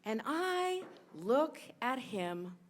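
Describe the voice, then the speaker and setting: A woman in her forties telling a true personal story on stage, emotional, rushing through some parts and slowing way down on others. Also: sits high, big pitch swings. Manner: emotional, quick bursts of telling with sudden slowdowns. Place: stage at a live event in a sports bar.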